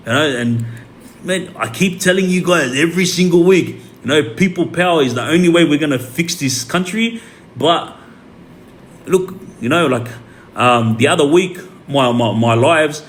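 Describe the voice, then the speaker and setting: A man's voice: a little high, expressive, moderate pace, a little hiss or hum. Australian man rambling on a livestream. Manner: rambling, many fillers and repeats. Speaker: livestream host. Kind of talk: casual livestream talk.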